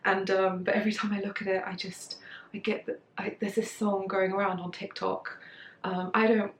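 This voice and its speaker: A woman's voice: medium pitch, flat delivery, normal speed, reverberant, a little hiss or hum. A young British woman chatting casually about her handmade clothes at home, giggly, with lots of fillers and asides. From Britain. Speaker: sewing vlogger. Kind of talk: casual chat. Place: room at home.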